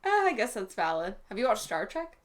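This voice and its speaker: A woman's voice: medium pitch, very animated, brisk. A woman hosting a casual movie-review chat, rambling and giggly with lots of fillers. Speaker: host.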